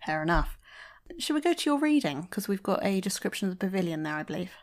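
A woman's voice: mid-range voice, big pitch swings, fast talker, a little mellow. A woman podcast host interviewing an author, chatty and enthusiastic, with many fillers. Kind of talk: casual interview chat.

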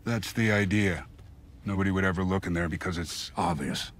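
An actor playing a gruff, loyal older male warrior with a dry, wry manner. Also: low-pitched, fairly quick, lightly acted.

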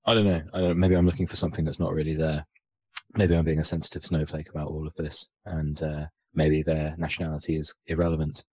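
A man's voice: very deep voice, little pitch movement, fast, darkish tone, husky, no room sound, low-quality recording. A man co-hosting a podcast, talking through a film in a rambling, casual way full of fillers and self-corrections. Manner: rambling, filler-heavy, thinks aloud. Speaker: podcast co-host.

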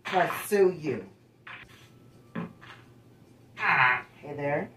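Slow, goofy woman gamer in an echoey room. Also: low voice, animated, sharp tone, recorded from a distance, slight background noise. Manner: goofy, swears, talks to the game animals. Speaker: gamer, channel host. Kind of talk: casual gameplay chatter.

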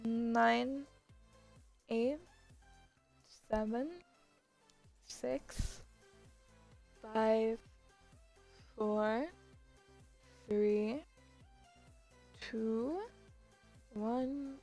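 High-voiced young woman hosting a livestream. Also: extremely slow, gravelly, pauses often, faint music behind. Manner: excitable, gasps and laughs, squeals when thanked. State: sore throat from screeching. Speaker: livestream host running giveaways. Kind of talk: casual livestream chat.

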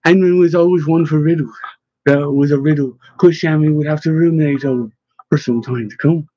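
A man narrating a novel in steady scripted reading, with occasional slips. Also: a little high, moderate pace, slightly rough, no echo, dull audio. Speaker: audiobook narrator.

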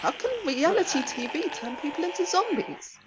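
A woman doing a high, puzzled, naive bandmate. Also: big pitch swings, moderate pace, background noise. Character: naive puzzled bandmate who keeps pondering.

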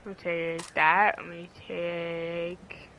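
A woman chatting casually while playing a game with a friend, swearing and teasing, with sudden loud outbursts. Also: fairly low pitch, level tone, slow pace, a little hiss or hum, rough recording. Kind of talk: casual gaming chat.

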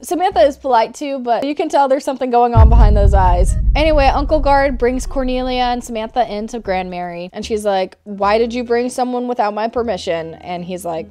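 A woman's voice: a little high, animated, a little fast, hardly any pauses, mellow, soft background music. A young woman with a sick voice, recapping a movie with sarcastic, jokey asides. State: sick, stuffy voice. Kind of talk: comedic movie recap narration.

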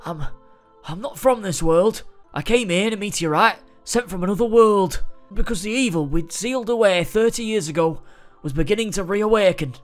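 A man's voice: high-pitched, a little fast, hardly any pauses, faint music behind, voice pushed up, natural voice. A man voicing a weary old male warrior with lost memories, reading game dialogue earnestly. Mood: solemn.

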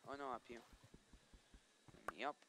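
A man's voice: mid-range voice, animated, moderate pace, heavy background noise. A man giving casual gameplay commentary, chatting to viewers and scolding the monsters aloud. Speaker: let's play host.

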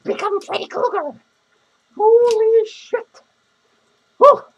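A man's voice: extremely high pitch, steady tone, slow pace, lo-fi sound, full character voice. A man playing a foul-mouthed, lonely, hungover female clown who rambles crudely, curses and cackles in a comedic character monologue. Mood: rambling. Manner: crude, rambling rants full of cursing and cackling laughs.

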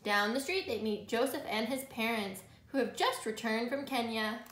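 Bright-voiced woman teacher reading aloud. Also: a little high. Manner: clear, slow and expressive. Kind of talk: reading a picture book aloud to students. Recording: echoey room.

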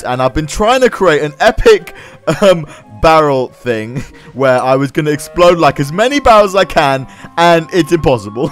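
A young man giving excitable gameplay commentary, yelling, laughing and reacting loudly. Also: mid-range voice. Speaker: gaming commentator. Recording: game music and sounds behind.

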